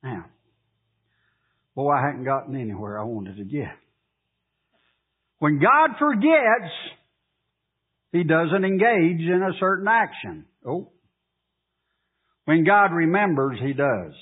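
A pastor delivering a slow, drawn-out sermon, his high voice swooping up into urgent pleas. His tone is husky and a little breathy. It comes through as a tinny, phone-like radio broadcast. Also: expressive.

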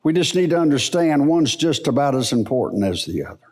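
A middle-aged man teaching the Bible in a church service, in a folksy, unhurried preaching manner. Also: fairly high pitch. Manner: slow, animated, folksy preaching.

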